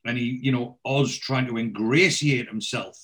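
A man in a relaxed podcast chat, walking through an episode as he goes. He rambles and fills gaps with "you know" and "um", and his voice sits in an ordinary middle pitch. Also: normal speed. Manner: rambling, heavy on fillers. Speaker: podcast host. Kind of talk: casual chat recapping a TV episode.

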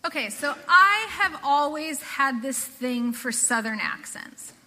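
A woman's voice: high voice, lively intonation, slow pace, bright, forceful tone, big-room sound. A woman from the Pacific Northwest preaching a sermon to a church congregation, earnest and conversational, often repeating phrases. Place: church sanctuary.

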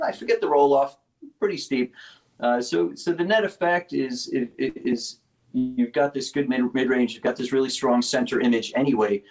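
A man's voice: mid-range voice, low-quality recording. Man, company founder, casual interview, rambling, technical. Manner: rambling, restarts often, explains technical detail.

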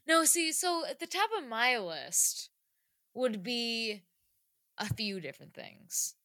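A woman's voice: medium pitch, sharp tone, clear, resonant tone, dry recording. A woman chatting casually on a podcast, giggly and full of fillers. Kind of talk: casual chat.

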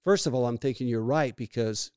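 A middle-aged man co-hosting a podcast, an animated storyteller who laughs easily. His voice sits at a medium pitch and is recorded close up in a dry, dead room. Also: fairly quick, clean tone, no room sound. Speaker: podcast co-host. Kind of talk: casual chat.

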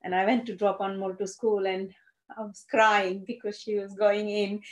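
A woman, a Gujarati speaker who tells her life story haltingly, with many fillers and restarts. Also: mid-range voice, level tone. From India (Gujarat). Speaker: interviewee. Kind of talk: personal storytelling. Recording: roomy echo.

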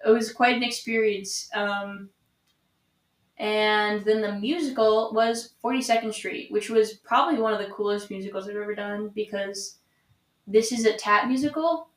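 Upbeat slangy young woman guest. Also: mid-range voice. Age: young adult. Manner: upbeat, slangy, quick to laugh. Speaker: podcast guest. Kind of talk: casual chat. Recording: roomy echo.

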